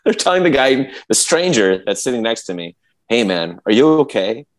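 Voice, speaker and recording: A man's voice: mid-range voice, very animated, moderate pace. A man in casual podcast chat, rambling with many restarts as he tells a story, acting out quotes and sound effects. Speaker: podcast co-host.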